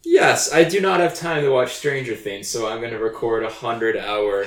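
A man's voice: mid-range voice, moderate pace, distant mic. A man co-hosting a podcast in casual chat, making dry joking asides. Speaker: podcast co-host. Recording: roomy, from off the mic.

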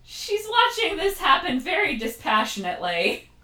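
Woman, podcast co-host, casual chat, laughs a lot, somewhat high, roomy echo. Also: wildly swooping pitch, sharp tone, recorded from a distance. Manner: chatty, laughs often, drawn-out quips. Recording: roomy, from off the mic.

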